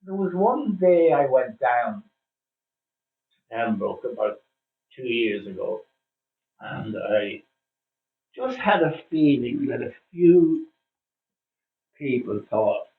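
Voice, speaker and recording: A man's voice: medium pitch, big pitch swings. Older Irish man telling old stories. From Ireland. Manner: chatty storyteller with frequent "uh" pauses. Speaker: interviewee, former cricketer. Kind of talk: casual reminiscing interview. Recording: distant, phone-like, roomy sound.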